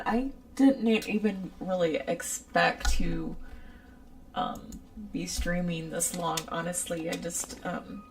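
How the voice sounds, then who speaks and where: A woman's voice: fairly low pitch, steady tone, takes it slowly, distant mic, a little hiss or hum, low-quality recording. A woman chatting casually on a livestream, rambling off on tangents and talking straight to her viewers. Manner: talks straight to chat viewers. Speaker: streamer.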